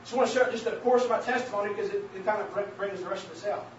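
A man preaching a sermon and sharing his testimony, calling out to the congregation as saints of God and building to emphatic shouts. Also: sits high, racing. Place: church hall. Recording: very echoey, distant, dull church recording with faint hiss.

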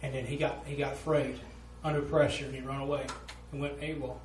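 A man's voice: medium pitch, little pitch movement, a little fast, a little hiss or hum. A man preaching a sermon, telling a story in an earnest, folksy way. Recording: roomy echo, voice from a distance.

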